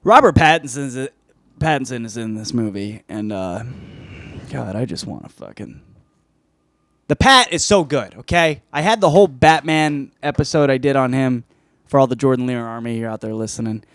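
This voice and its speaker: A man's voice: mid-range voice, expressive, moderate pace, fairly bright tone, no echo. A man hosting a podcast, reviewing a film in casual, rambling chat full of swearing and restarts. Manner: rambling, profane, self-interrupting. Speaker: podcast host.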